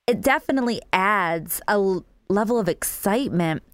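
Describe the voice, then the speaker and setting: A woman's voice: medium pitch, lively intonation, moderate pace, no echo. A woman hosting a local radio talk show, gushing and promotional as she chats and plugs local businesses.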